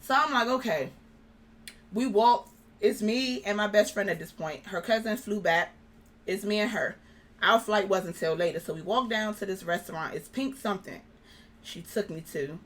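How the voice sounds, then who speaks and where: Speaking at a moderate pace with a medium pitch, this young adult woman is a guest in an interview. She shares a personal anecdote casually and animatedly, performing the quoted lines of dialogue.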